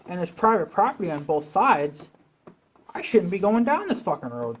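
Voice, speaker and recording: A man's voice: sits high, big pitch swings, moderate pace, breathy edge. A man venting in a rambling, profane rant as a vlogger, talking casually to his viewers.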